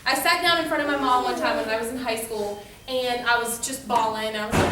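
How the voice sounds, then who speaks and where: Bright young woman in an echoey hall. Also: a little high, a little fast, a little hiss or hum. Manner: chatty, filler-heavy storytelling. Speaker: youth speaker. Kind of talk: casual devotional talk. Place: room with a youth audience. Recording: very echoey room from far off.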